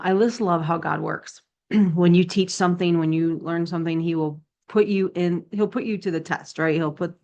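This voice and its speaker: A woman with a notably low voice tells a story in a relaxed, conversational way. She talks like a friend in a devotional chat, filling gaps with "um" and "like" and acting out what others said. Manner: chatty and animated, with many fillers and acted quotes. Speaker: ministry devotional speaker. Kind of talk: casual spoken testimony.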